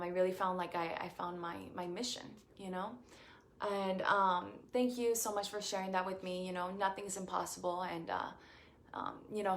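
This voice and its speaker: A woman's voice: medium pitch, a little hiss or hum. Gushing young woman answering fans live. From Puerto Rico. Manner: effusive and grateful, many fillers and restarts. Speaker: beauty queen answering fan questions. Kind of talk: casual live-stream chat.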